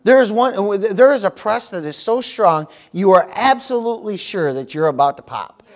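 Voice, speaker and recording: A man's voice: high voice, expressive, moderate pace. A middle-aged man from the United States preaching a sermon as pastor, peppering his talk with "praise the Lord" and "amen.".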